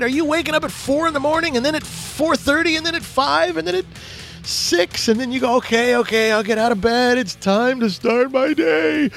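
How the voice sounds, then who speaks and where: A man's voice: very high voice, gravelly, a bit bright. A man hosting a business radio talk show, rambling animatedly and acting out little quotes.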